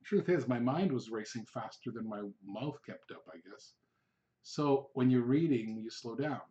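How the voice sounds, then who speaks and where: A middle-aged man giving a sales training talk, telling stories with animated delivery and acting out his past outbursts. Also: medium pitch, normal speed, muffled recording. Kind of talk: training video monologue.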